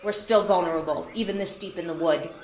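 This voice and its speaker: A woman's voice: on the low side, brisk, echoey room, highs cut off, slight background noise, natural voice. A woman voicing a suspicious, commanding forest kingdom leader in an audio drama. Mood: hostile. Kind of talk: indie audio drama acting.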